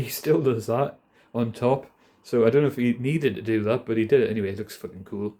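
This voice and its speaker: A man's voice: medium pitch, dark tone. A man ranting in a casual, rambling way on a phone held in his hand, swearing freely and laughing often. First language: not American. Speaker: vlogger.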